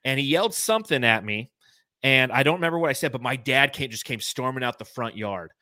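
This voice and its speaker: A man's voice: mid-range voice, expressive, brisk, pushed and bright, dry recording. A man in his thirties from California, hosting a podcast and telling rambling, self-mocking childhood stories full of fillers. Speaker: podcast host. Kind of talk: casual storytelling chat.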